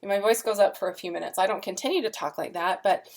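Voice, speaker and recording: A woman's voice: mid-range voice, quick pace, darkish tone. A woman in her forties, a teacher giving a recorded lecture in a friendly, chatty way with many "um" fillers. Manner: friendly, chatty, lots of "um" fillers, demonstrates sing-song parent talk.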